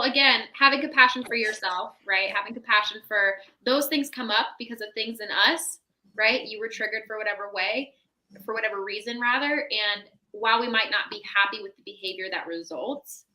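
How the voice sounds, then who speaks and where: A woman's voice: a little high, moderate pace, bright, forceful tone, rough recording. A woman, a mental health professional appearing as a podcast guest, talking in a reflective, explanatory way and often checking in with "right?". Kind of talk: casual podcast chat.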